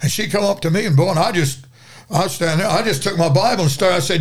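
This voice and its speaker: A man's voice: sits high, fast. An older man, a guest preacher, telling a dramatic story in a folksy, rambling way during a podcast conversation.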